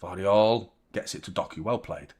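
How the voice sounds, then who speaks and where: A man hosting a live football watchalong, reacting loudly as a fan, swearing, joking and talking to viewers. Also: deep voice, normal speed, slightly rough. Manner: excitable, swearing, jokey fan banter, chatting to viewers. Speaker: watchalong host.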